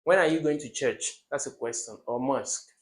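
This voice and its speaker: A young man, teaching an exam-prep lesson for children. He asks questions and answers them himself, and he jumps to loud emphasis on key words. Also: medium pitch, normal speed.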